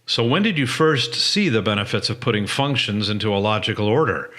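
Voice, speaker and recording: A man hosting an interview, introducing his guest and asking questions in a clear, measured way. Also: fairly low pitch, expressive, sharp tone. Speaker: host. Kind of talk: interview narration.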